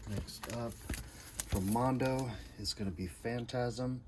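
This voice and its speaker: A man casually shows off his record collection, offering short, laid-back, repetitive, enthusiastic one-liners. His mid-range voice takes things slowly, and there is noticeable background noise.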